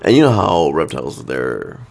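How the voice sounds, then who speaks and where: A man's voice: extremely low pitch, big pitch swings, moderate pace, creaky, a little mellow. A man in his thirties co-hosting a podcast, talking in a laid-back, rambling way and laughing often. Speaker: podcast co-host. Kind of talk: casual chat.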